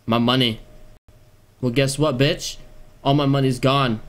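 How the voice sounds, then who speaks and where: A man's voice: mid-range voice, steady tone. A man streaming a role-play game, swearing and getting angry in casual in-character banter. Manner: profane, quick to anger.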